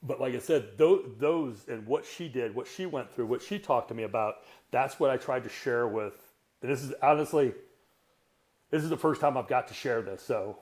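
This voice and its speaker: A man's voice: mid-range voice, normal speed, darkish tone. Blunt, profane man in his 60s. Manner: earthy, self-mocking humor. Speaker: strength coach, podcast guest. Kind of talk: candid conversational storytelling.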